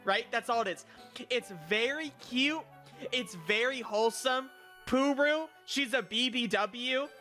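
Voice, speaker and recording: A man's voice: very high voice, measured pace, sharp tone, soft background music. A young man streaming in a casual chat. He rambles, stammers and swears crudely, now and then bursting into mock outrage. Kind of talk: casual stream chat, reviewing viewer picks.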